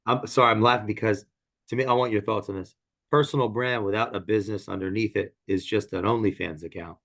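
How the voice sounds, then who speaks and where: Gravelly low-voiced male podcast host. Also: fairly even intonation, quick pace, a bit bright. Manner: short affirming interjections, probing questions. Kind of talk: casual interview talk.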